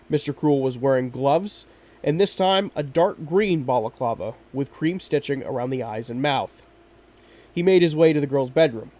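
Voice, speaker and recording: A man hosting a podcast, narrating a true crime case in a steady, measured way. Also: medium pitch. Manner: steady, measured storytelling with quoted lines. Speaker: podcast host.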